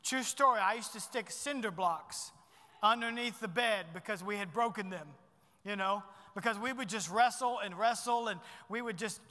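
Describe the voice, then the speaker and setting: A middle-aged pastor preaching a sermon in a church, animated and swinging between loud bursts and hushed asides. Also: male voice, high voice, normal speed, long reverb tail.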